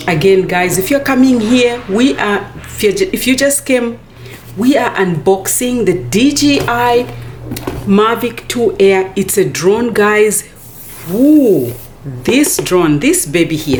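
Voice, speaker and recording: A woman with an American accent filming a casual unboxing vlog, gushing with excitement, calling her viewers "guys" and dropping to soft near-whispers as she handles the box. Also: medium pitch, roomy sound. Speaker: unboxing vlogger.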